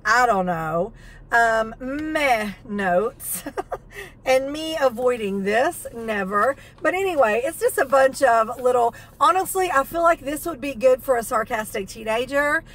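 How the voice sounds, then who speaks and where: A woman's voice: fairly high pitch, a bit bright. A woman chatting enthusiastically through a shopping haul video, reading product labels aloud. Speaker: haul vlogger. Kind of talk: casual haul video chat.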